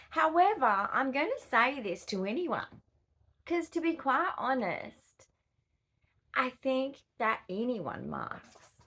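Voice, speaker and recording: A middle-aged Australian woman with an Australian accent and a slightly high, fairly bright voice vlogs to camera. She chats casually and rambles, easily sidetracked, with frequent fillers and laughs.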